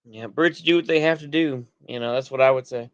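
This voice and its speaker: Here the Texan-accented streamer from the US talks briskly in a mid-range, clean-toned voice, still rambling and a little drunk as he answers chat with trailing, restarted lines. The recording is dry and lo-fi.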